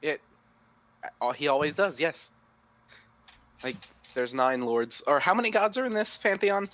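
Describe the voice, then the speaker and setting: A young man playing a tabletop game, speaking in a hesitant, halting way. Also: a little high, lively intonation, a bit bright, highs cut off. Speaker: player. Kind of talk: casual tabletop game play.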